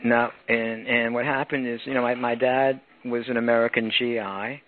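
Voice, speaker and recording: A man's voice: mid-range voice, flat delivery, moderate pace. A man who grew up in France, a guest musician chatting casually in an interview, rambling with lots of fillers. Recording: tinny phone-like line, faint noise.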